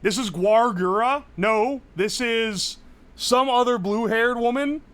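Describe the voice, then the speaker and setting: A young man from the United States chatting casually on a live stream, rambling, excitable and swearing freely. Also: very high voice, slow pace, smooth.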